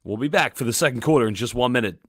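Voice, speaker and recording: A man's voice: mid-range voice, animated, slightly rough, no echo, studio quality. English-speaking man calling live basketball. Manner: brisk play-by-play, reads viewer chat aloud. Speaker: play-by-play commentator.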